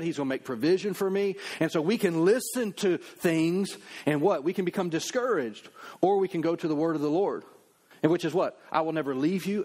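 Pastor guy preaching, chatty and lively, voice sits a bit high, plays out little asides. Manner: conversational, animated preaching with acted asides. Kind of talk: sermon.

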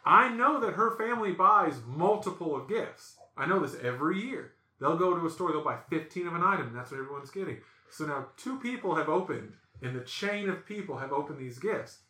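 A bright-voiced man spins a funny story on a casual podcast, jumping into animated voices for the people in it. His voice sits a bit high and carries with a ringing edge. The room around him has a clear echo. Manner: animated, acts out quotes with lively voices. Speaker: podcast host.

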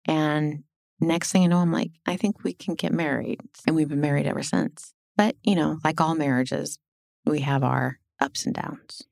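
A middle-aged woman telling her life story as a podcast guest, animated and blunt, swearing and acting out what people said. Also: low voice, moderate pace, gravelly, no echo, clean studio sound. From Illinois. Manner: animated, swearing, acts out quoted dialogue. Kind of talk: casual storytelling interview.

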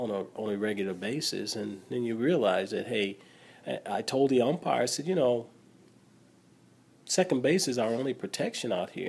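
Gravelly older man recalling his playing days. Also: medium pitch, darkish tone. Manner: reflective, matter-of-fact storytelling. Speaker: interview guest, former middle infielder. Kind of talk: casual interview.

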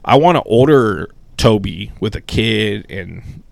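A man co-hosting a podcast, rambling in casual, animated chat and swearing freely. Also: on the low side, slow pace, creaky, no room sound. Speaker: podcast co-host.

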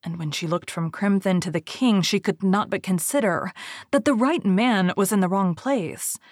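A woman reading an old storybook tale aloud in a measured, steady way. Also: medium pitch, no echo, clean studio sound.

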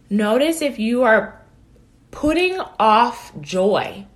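A woman's voice: medium pitch, expressive, measured pace. A woman life coach giving an earnest, encouraging motivational talk, often checking in with "right?".

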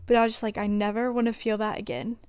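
A woman's voice: a little high, level tone, quick pace, darkish tone, smooth, dry recording, studio quality. A young adult woman talking through personal struggles in a rambling, confessional way, filling her speech with "like" and restarts. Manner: rambling, filler-heavy with frequent "like". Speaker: vlogger.

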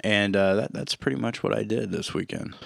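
A man with a very deep voice co-hosts a podcast in casual chat. He talks haltingly, stopping to search for the right words. The recording is dry and close, with no room echo. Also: creaky. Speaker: podcast co-host.

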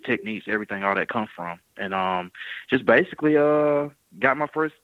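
Low-voiced guy calling in, rambly, lots of ums, sounds like a phone line, dry. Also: dry recording. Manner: laid-back, rambling with many fillers. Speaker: singer guest. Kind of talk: casual radio interview.

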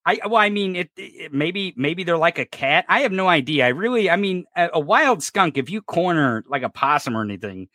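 Bright-voiced laughing podcast host, a man. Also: fairly high pitch, sing-song, fairly quick, hardly any pauses, dry recording, studio quality. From American South or Missouri. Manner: profane, laughing, jokey. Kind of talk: casual comedic chat.

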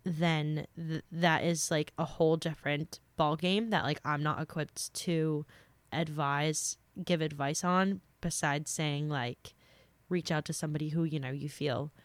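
A woman's voice: deep voice, fairly even intonation, measured pace, no room sound. A young woman hosting a podcast, talking through listener questions in a chatty, earnest way with lots of fillers, a little sick. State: slightly sick. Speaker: podcast host. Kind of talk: casual advice talk.

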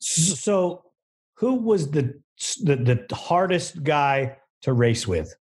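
A man's voice: on the high side, animated, slow pace, a little mellow. A man hosting a casual interview show, friendly and a bit stammering, laughing along with his guest. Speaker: podcast host.

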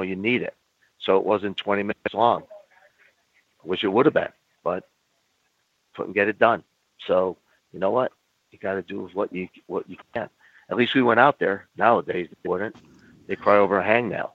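A man's voice: low-pitched, no room sound. An older man, a former wrestler, telling blunt stories in an interview, swearing and acting out both sides of old arguments. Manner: blunt, swears, acts out dialogue in quick back-and-forth. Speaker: guest, former pro wrestler. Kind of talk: candid storytelling in an interview. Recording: dry, phone-like audio.

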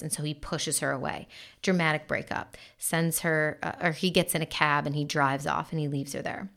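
A woman's voice: low voice, level tone, moderate pace, gravelly, fairly bright tone. A woman commenting casually on relationships, chatty, with lots of "like" and "you know".

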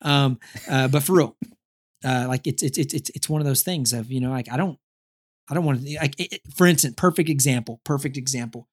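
A young man, a father, telling a personal story in casual chat, full of restarts and repeated words, getting animated as he goes. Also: mid-range voice, brisk, breathy edge.

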